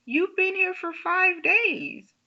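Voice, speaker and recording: A woman's voice: very high voice, slow pace, pushed and bright, muffled recording, pitched above the performer's own voice, full character voice. A woman voicing a kindly female nurse who speaks in a sweet, coddling way. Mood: soothing.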